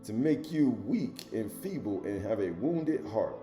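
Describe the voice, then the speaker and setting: A man preaching a sermon, reading scripture loudly and dropping to low asides, with casual rhetorical questions to his listeners. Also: sing-song, unhurried, roomy sound, soft background music. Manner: swings between loud emphatic reading and low murmured asides.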